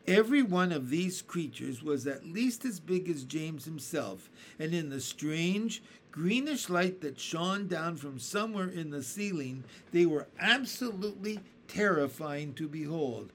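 Guy reading a kids book aloud, slow, really animated, faint hiss behind. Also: on the high side. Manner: expressive storytelling. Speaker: reader.

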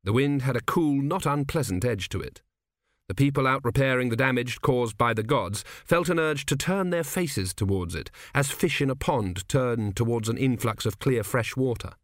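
A man reading an audiobook aloud in a measured, wry storytelling manner. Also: medium pitch, animated, no echo, clean studio sound. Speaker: audiobook narrator. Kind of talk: scripted narration.

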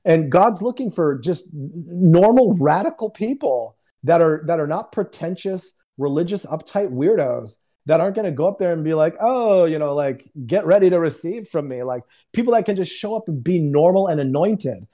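A man, a guest minister on a video call, telling a testimony in a lively, joking way and acting out the quotes. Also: on the high side, moderate pace, few pauses. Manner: animated, joking, acts out quotes. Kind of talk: casual storytelling testimony. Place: home in Houston. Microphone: remote video call.

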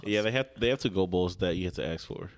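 A man with a slightly low voice co-hosting a casual podcast chat. He jumps in eagerly and keeps asking the others questions. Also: fast. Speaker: podcast co-host.

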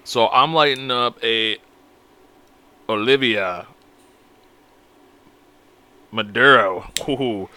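A man's voice: medium pitch, drawn-out words, pauses often, sharp tone, clean tone. Profane, rambling man on a solo podcast. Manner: crude, profane, rambling and self-mocking. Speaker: podcast host. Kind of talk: casual solo podcast chat.

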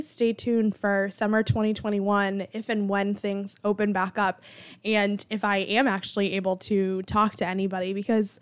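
Chatty twenties woman telling dating stories, sarcastic, fillers everywhere. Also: medium pitch. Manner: chatty, animated, with frequent "like" fillers; sarcastic disbelief. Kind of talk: casual storytelling monologue.

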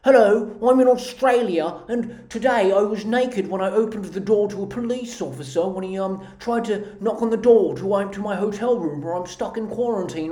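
A man's voice: sits high, warm tone, lightly acted. A man mimicking a smug, pompous British woman commentator with an affected posh British accent, in an echoey room. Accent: British put-on. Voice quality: posh mocking affected speech.

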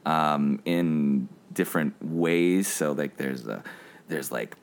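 A man's voice: extremely low pitch, takes it slowly, creaky. A man co-hosting a casual film review podcast from the US, rambling with many fillers and laughing often. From United States. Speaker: podcast co-host.

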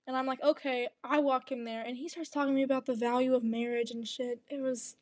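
Chatty high-voiced young woman, dry close sound. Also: steady tone, quick pace, dry recording. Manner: chatty, rambling storytelling with many restarts. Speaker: podcast co-host. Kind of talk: casual chat.

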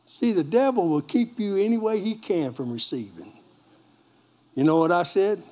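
A middle-aged male pastor preaching a sermon with lively storytelling and call-and-response asides to the congregation. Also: high voice, normal speed.

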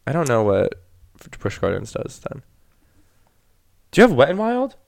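A man's voice: medium pitch, wildly swooping pitch, moderate pace, creaky, darkish tone, no room sound. A man from Florida co-hosting a casual podcast chat. He teases his co-host and rambles through hesitant, half-finished thoughts.

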